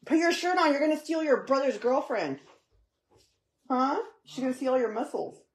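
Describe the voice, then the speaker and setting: This home cook vlogger, a mother, speaks in a high, animated voice at a moderate pace. She chats casually with her viewers and her child while cooking in her kitchen, with kitchen noise behind her.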